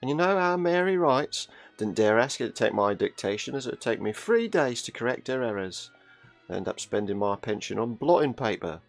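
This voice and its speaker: A man putting on the voice of a fond, chatty elderly grandmother, pitched high in a fussy old-lady manner. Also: animated, brisk, creaky, faint music behind. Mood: gossipy.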